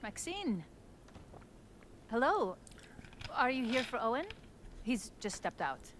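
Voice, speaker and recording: A silky, intimidating schemer. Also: female voice, a little high, sing-song, background noise. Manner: measured, theatrical, softly menacing. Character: composed, intimidating older woman, chess-master schemer.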